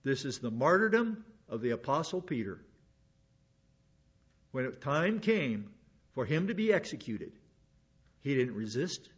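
A man's voice: mid-range voice, very animated, measured pace, pauses often, fairly bright tone, husky. A man teaching through a Bible passage in a casual, folksy way, wandering into personal stories. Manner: folksy, digressive storytelling with restarts. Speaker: pastor. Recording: dull lo-fi sound.

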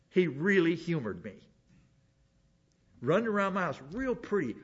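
With a husky voice on the high side, a pastor works through a Bible passage casually, digressing into personal anecdotes and folksy storytelling with frequent restarts. The audio is dull and lo-fi.

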